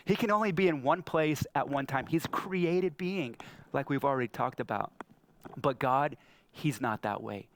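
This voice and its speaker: A man's voice: animated, normal speed. A man in his thirties preaching a sermon, telling stories and acting out the lines he quotes. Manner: storytelling, acts out quotes with big pitch jumps. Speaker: pastor. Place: church hall.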